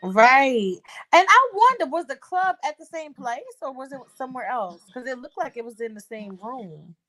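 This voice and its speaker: A woman's voice: high voice, lively intonation, moderate pace. A young woman chatting casually, agreeing emphatically and swearing freely. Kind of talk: casual chat.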